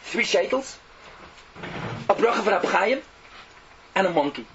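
A man giving a fiery sermon, mocking and animated, swinging from loud outbursts to hushed asides, on a dull lo-fi recording. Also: sits high, measured pace. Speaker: preacher. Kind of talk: fiery Yiddish-laced sermon. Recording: dull lo-fi recording with faint noise.

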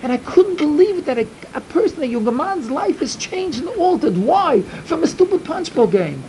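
A middle-aged man giving an emphatic storytelling sermon to a yeshiva, repeating his points and swinging from loud to hushed. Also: very high-pitched, sing-song, normal speed, slight background noise, rough recording. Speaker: yeshiva speaker.

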